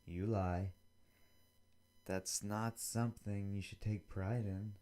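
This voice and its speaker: A man's voice: lowish voice, steady tone, slow pace, dark tone. A young man hosting a solo podcast, rambling casually and acting out both sides of made-up conversations, with some swearing. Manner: rambling, acts out both sides of imagined dialogues; casual and profane. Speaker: podcast host.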